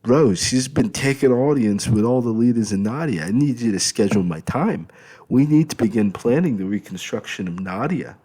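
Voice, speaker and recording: A man's voice: mid-range voice, animated, moderate pace, dark tone, breathy edge, pitched above the performer's own voice. A man voicing a cheerful, tall middle-aged uncle who talks in an upbeat, eager way. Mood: businesslike.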